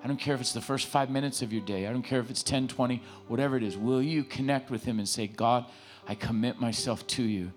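A man preaching in a church, pleading and repeating his phrases with stammering restarts as he leads the room in prayer. His voice sits in an ordinary middle range. A guitar plays quietly underneath. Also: medium pitch, quick pace. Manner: impassioned, repetitive, stammering restarts. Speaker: pastor. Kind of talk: sermon with altar call and prayer. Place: church sanctuary.

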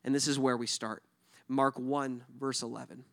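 A man preaching a sermon conversationally. He asks the congregation questions and swings between loud emphatic bursts and hushed near-whispers. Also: medium pitch, flat delivery, moderate pace, creaky, dry recording, clean studio sound.

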